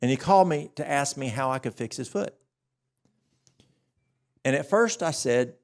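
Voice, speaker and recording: A man presenting a church health workshop, telling a story with animated acted-out dialogue. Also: mid-range voice, moderate pace, pauses often.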